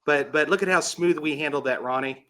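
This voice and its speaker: A male host in easy conversation who jokes and laughs often. His voice is bright and a little tense, pitched slightly high. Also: fairly quick. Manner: jokey, laughs easily. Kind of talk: casual chat.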